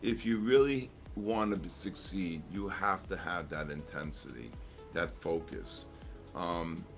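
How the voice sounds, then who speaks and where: A middle-aged man with a very deep, low voice tells rambling stories between trades on a live stream, full of "um"s and restarts. Faint music plays underneath. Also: unhurried, gravelly, a bit bright. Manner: rambling storyteller, many fillers and restarts. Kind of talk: casual chat.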